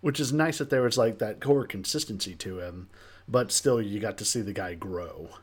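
Guy cohosting a chill chat, lowish voice, asks the questions, laughs easy. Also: moderate pace, husky. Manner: relaxed, steers the talk with questions, easy laughs. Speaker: podcast co-host. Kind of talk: casual chat.

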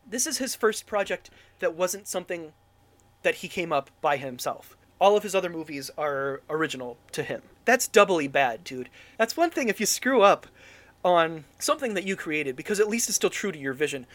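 A man's voice: high voice, sing-song, moderate pace, fairly bright tone, dry recording. Exasperated ranting man, dry close sound. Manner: exasperated, ranting, frequent restarts. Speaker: podcast co-host reviewing a film. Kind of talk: casual review chat.

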